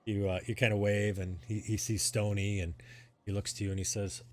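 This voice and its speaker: Low-voiced man narrating as game master. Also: a little fast. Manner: relaxed, hesitant narration with fillers.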